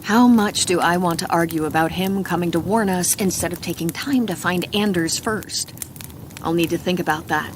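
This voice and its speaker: A woman narrating a first-person mystery audiobook in a calm, measured reading. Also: on the low side. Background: crackling fireplace.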